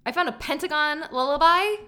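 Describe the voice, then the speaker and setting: Bubbly woman podcaster, bright voice, giggly and gushing. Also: sits high, a little fast. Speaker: podcast co-host. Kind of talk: casual chat.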